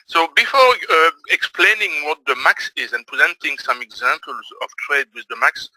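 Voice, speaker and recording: A man's voice: medium pitch, pushed and bright, no room sound, low-quality recording. A Belgian man in his fifties with a French accent, presenting a trading webinar with many hesitations and uhs. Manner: halting, many filler uhs and self-corrections.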